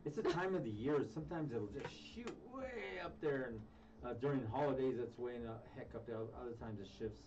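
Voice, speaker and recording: A man's voice: mid-range voice, lively intonation, fairly quick, a little mellow, recorded from a distance, dull audio, a little hiss or hum. A man co-hosting a live radio talk show, chatty and easygoing, chuckling often.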